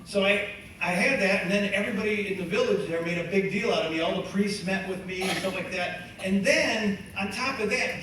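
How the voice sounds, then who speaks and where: Animated man telling a story in an echoey hall. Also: sits high. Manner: animated, laughing, conversational, many fillers. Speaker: musician giving testimony. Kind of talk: storytelling testimony talk. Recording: echoey hall from far off, faint noise.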